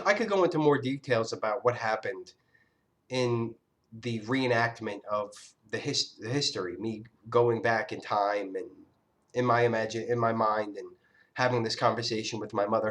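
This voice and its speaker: A male vlogger whose voice is medium-pitched and a bit bright recounts a personal story in a casual monologue. It's an angry, profane, disjointed rant, and he frequently restarts what he's saying.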